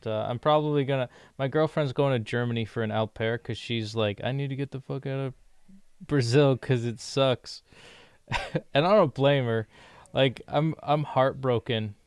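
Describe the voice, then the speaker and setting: A man's voice: medium pitch, clean tone, dry recording. A young man from the United States chatting casually in a rambling way, laughing often while he works through language lessons. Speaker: vlogger learning a language. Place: living in Brazil.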